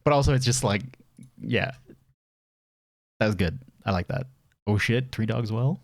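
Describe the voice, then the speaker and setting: A man's voice: lowish voice, a little slow, vocal fry, no echo, studio quality. A young Irish man streaming, chatting casually and rambling with a self-mocking laugh. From Ireland. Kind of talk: casual stream chat reacting to videos.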